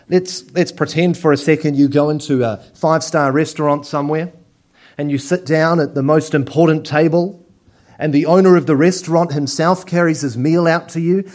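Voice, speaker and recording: A man preaching a sermon as pastor, telling lively stories and acting out little scenes. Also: on the high side.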